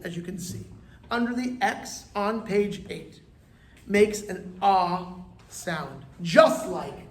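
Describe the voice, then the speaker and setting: A man's voice: sits high, a little hiss or hum. A man, a rabbi, teaching an informal Hebrew lesson with joking side notes and call-and-response vowel drills. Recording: echoey room.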